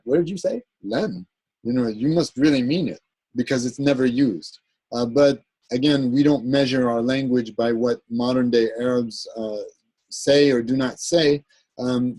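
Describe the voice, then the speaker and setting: A man teaching an Arabic grammar lesson in a recorded class, explaining patiently with many pauses, ums and restarts. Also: medium pitch, dark tone, no room sound, rough recording. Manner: halting, searching for words, many ums and restarts; explains a grammar point patiently, checking with "right?".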